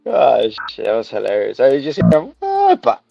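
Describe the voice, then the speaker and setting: A man's voice: medium pitch, big pitch swings, a little fast, creaky, warm tone, no echo. A man co-hosting a podcast, recapping a show in casual chat, rambling and swearing as he acts out scenes. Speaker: podcast co-host. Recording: dull lo-fi sound with music behind.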